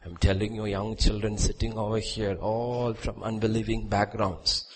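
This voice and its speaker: A male preacher delivering a sermon, moving from quiet asides to loud, soaring exhortation and repeating short commands for emphasis. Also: on the low side, level tone, normal speed, slight background noise.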